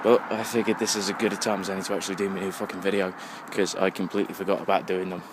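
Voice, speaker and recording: A young Englishman in his twenties, a bit drunk, vlogs a casual, rambling monologue while walking home at night, cursing nonstop into his handheld phone. He speaks very fast in a deep, level voice, with faint passing traffic around him on the street.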